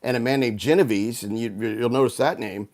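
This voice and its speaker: A man's voice: mid-range voice, a little fast, a little mellow. A man from Houston, a guest author, telling a long story over a video call, rambling with frequent restarts and fillers. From Houston, United States. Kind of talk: casual storytelling interview.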